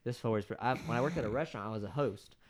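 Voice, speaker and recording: A young man chatting casually with friends, telling crude stories while playing a game. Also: medium pitch. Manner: fast profane storytelling. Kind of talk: casual chat while gaming.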